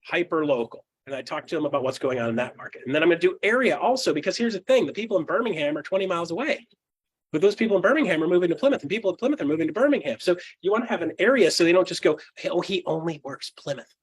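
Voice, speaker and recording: A man coaching real estate agents in a fast, punchy teaching talk, acting out client dialogue and often adding a quick "okay?" or "right?". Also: high voice, lively intonation, breathy edge. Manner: fast and punchy, with frequent tag questions.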